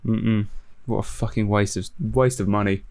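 A young man co-hosting a podcast, jokey and quick to laugh and swear. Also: on the low side, steady tone, gravelly, darkish tone. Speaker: podcast co-host. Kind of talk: casual chat.

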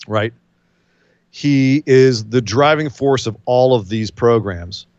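A man co-hosting a live stream, talking in a rambling, jokey way with lots of animated asides. His voice sits in a middle register, recorded dry and close. The sound is a little dull and lo-fi. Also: mid-range voice, no room sound. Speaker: podcast co-host. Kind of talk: casual wrestling predictions chat.

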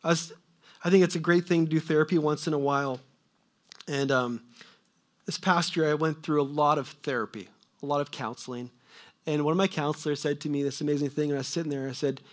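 The preacher's fairly high voice keeps a fairly even intonation and a quick pace as he preaches. Still, he shifts between forceful questions and hushed, trailing asides.

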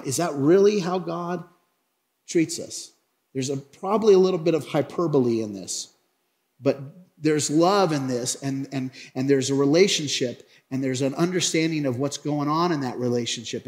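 Animated male pastor preaching. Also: fairly high pitch. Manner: animated, acts out Bible characters. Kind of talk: sermon.

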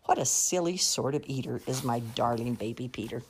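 A woman's voice: a bass voice, normal speed, mellow, slightly rough, exaggerated voice. A woman voicing a weary, patient mother of seven, speaking in fond, sing-song rhyming sighs.

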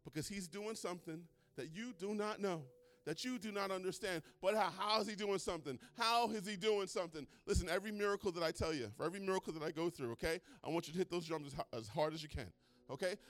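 Fast-talking and high-voiced, this pastor preaches an excitable church sermon, shifting between hushed tones and shouts as he retells stories. The recording is dry.

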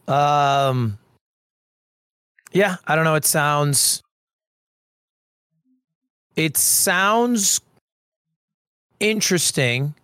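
Slow, hesitant man off-mic. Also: fairly high pitch, a bit bright, clean tone, no echo. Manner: slow, hesitant, brief replies. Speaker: interviewer. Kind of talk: casual chat.

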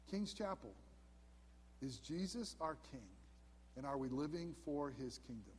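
Fifties male pastor, husky voice. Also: sits high, moderate pace, pauses often, in a large hall. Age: 50s. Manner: earnest preaching, drops to hushed emphasis. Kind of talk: sermon. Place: church sanctuary.

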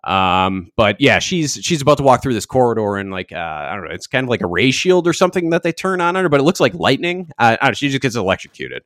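A man's voice: medium pitch, very animated, fast, hardly any pauses, fairly bright tone, no echo, clean studio sound. A young man co-hosting a podcast, recapping an episode in a rambling, hedging, wry way. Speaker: podcast co-host.

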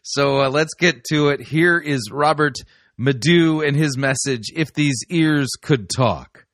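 A man's voice: fairly high pitch, takes it slowly, a bit bright, no room sound, studio quality. Man with a scornful, joking introduction. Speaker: show host. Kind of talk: introducing a clip.

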